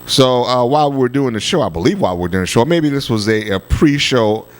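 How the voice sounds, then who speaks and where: A male podcast host talking casually and crudely, with many halting fillers. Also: medium pitch, lively intonation. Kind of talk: casual radio talk.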